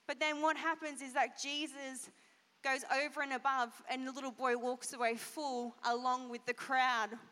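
Bright high-voiced woman pastor. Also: moderate pace. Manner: animated, asks the kids questions. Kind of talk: children's sermon. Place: church hall. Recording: long church hall reverb.

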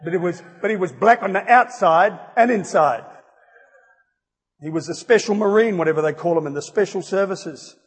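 A man preaching an evangelistic sermon, emphatic and rising to loud exclamations. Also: sits high, moderate pace, husky. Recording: reverberant hall.

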